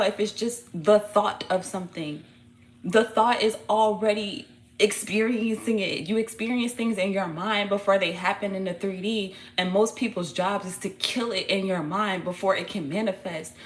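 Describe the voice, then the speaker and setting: A woman gives a tarot reading in a blunt, salty, lively way, full of slang and swearing. Her pitch sits in an ordinary middle range. A faint hum runs underneath her voice. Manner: blunt, profane, animated, slangy. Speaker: tarot reader.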